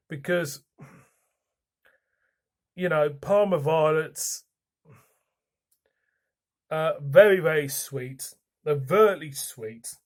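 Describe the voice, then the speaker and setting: Bloke doing a frank beer review vlog, slightly high voice, says what he thinks. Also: darkish tone. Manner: blunt, frank, swears.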